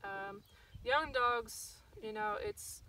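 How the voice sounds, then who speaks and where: A woman's voice: a little high, very slow, pushed and bright, recorded from a distance. A woman stockdog trainer giving a casual outdoor lesson on herding dogs, with lots of ums and acted-out corrections. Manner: casual, many ums, acts out dog corrections. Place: outdoors at a rural field. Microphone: phone camera from a distance.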